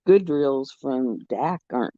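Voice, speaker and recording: A woman chatting casually on her craft vlog as an animated storyteller, recorded at home. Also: a bass voice, slow, dry recording. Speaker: crafting vlogger. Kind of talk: casual chat. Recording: muffled, dull sound.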